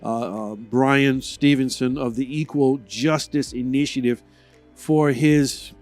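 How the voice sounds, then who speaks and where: A man hosting, giving an earnest tribute and commentary in a halting way with many fillers. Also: medium pitch, steady tone, a little mellow, faint music behind. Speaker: host.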